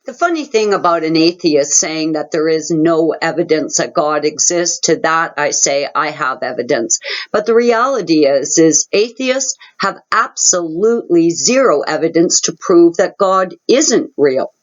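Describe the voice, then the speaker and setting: Low-voiced woman telling a personal story. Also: animated, measured pace, hardly any pauses. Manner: earnest, dramatic retelling. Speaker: channel host. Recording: muffled lo-fi audio.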